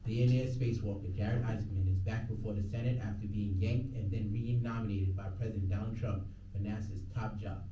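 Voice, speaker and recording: A man's voice: on the low side, steady tone, brisk, mellow, distant mic, lo-fi sound, slight background noise. Young man reading campus radio news. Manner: self-mocking, slangy asides between reads. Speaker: campus radio newscaster and vlogger. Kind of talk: casual vlog with news reading. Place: radio station booth.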